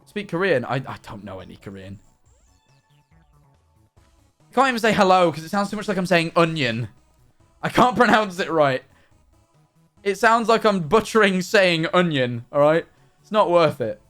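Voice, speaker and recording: A man's voice: sits high, very animated, normal speed, pauses often, fairly bright tone, faint music behind. A man live streaming while he plays a game, talking in a rambling, chatty way with many restarts and fillers. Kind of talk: casual chat while playing a game.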